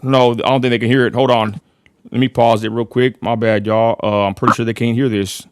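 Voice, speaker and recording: A man's voice: mid-range voice, flat delivery, fairly quick, smooth, dry recording. A man with a West Texan accent hosting a casual livestream, rambling and apologetic, constantly addressing his viewers as y'all. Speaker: livestream host.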